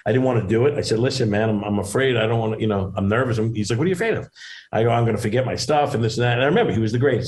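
Speaking very fast, a middle-aged comedian and actor rambles through stories with many restarts while guesting on a casual video-call interview. His medium-pitched voice has a darkish tone, and the rough recording has slight background noise.

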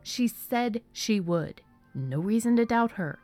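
A woman's voice: slow, faint music behind. A woman voicing an eager, insistent young woman, the little sister in a spooky story. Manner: excited, high and insistent.

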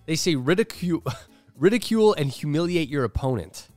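Animated, laughing man in casual podcast chat. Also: fairly high pitch, a little fast, dry recording, faint music behind. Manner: animated, laughs often, acts out quoted voices. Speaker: podcast co-host.

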